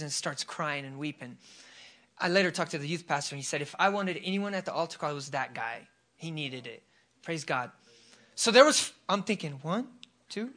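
A man's voice: a little high, pushed and bright. A man preaching a sermon, telling a testimony in a casual way with fillers before turning fervent. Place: church service.

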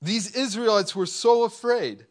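A man's voice: high-pitched, measured pace. A man preaching a casual sermon in a conversational way, full of "like" and acting out people's inner thoughts. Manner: conversational, filler-heavy, acts out inner thoughts.

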